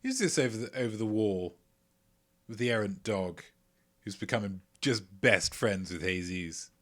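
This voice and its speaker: A man hosting a casual livestream quiz, playful and self-mocking, chatting between loud remarks and mumbled asides. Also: mid-range voice. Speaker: quiz show host.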